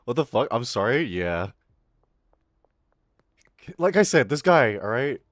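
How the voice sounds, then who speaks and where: A man's voice: medium pitch, big pitch swings, unhurried, no room sound, clean studio sound. A man streaming live and telling a story in a rambling, profane way, full of fillers. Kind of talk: casual storytelling on a livestream.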